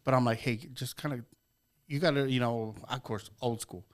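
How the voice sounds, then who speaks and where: A man's voice: medium pitch, steady tone, normal speed. A middle-aged man hosting a podcast, telling long, profane, rambling stories in casual chat. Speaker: podcast host.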